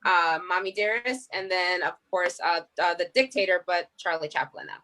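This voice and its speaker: A woman's voice: lowish voice, moderate pace, sharp tone. A woman guest in a casual interview, chatty and opinionated. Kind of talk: casual chat.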